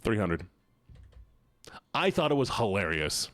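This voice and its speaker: Lively, joking male streamer. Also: on the low side, measured pace, dry recording. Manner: animated, joking, often laughing. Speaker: live streamer. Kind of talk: casual live-stream chat while gaming.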